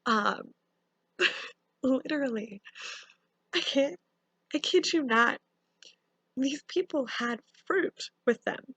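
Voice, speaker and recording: Creaky young woman telling a story. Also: high-pitched, slow, long pauses, no room sound. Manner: animated, lots of fillers like "like" and "um". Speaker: vlogger. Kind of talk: casual storytime.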